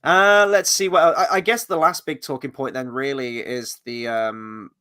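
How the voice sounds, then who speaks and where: A man hosting a casual film review discussion, chatty and animated as he tells stories. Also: mid-range voice, normal speed, smooth.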